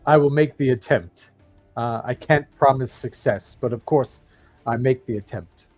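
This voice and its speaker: A man's voice: medium pitch, moderate pace, a little mellow, faint music behind, lightly acted. A polite minstrel addresses a sea council, voiced by a man playing the game. He speaks earnestly in a lilting, sing-song manner. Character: earnest bard player character, male.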